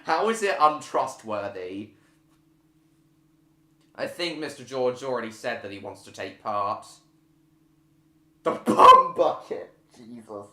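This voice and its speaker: A man's voice: medium pitch, animated, measured pace, long pauses, reverberant, noisy background. A man hosting a live stream, chatting casually with viewers and reading out their comments, with frequent fillers and restarts.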